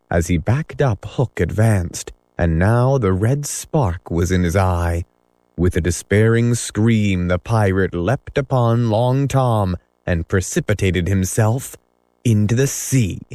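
A man narrating a classic story as an audiobook, measured and dramatic. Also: fairly low pitch, warm tone, no room sound. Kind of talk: audiobook reading.

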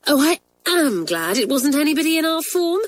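A woman voicing an indignant, outspoken schoolgirl at a boarding school, high and excited in a storybook reading. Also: normal speed, dry recording. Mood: relieved.

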